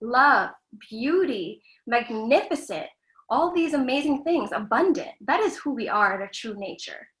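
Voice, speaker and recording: A woman with a bright, high speaking voice talks openly and earnestly as a guest, offering self-help advice. Her words carry a roomy echo around them. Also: lively intonation, a little slow. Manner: earnest, frank, lightly profane. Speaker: guest, screen actress. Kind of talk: candid self-help talk.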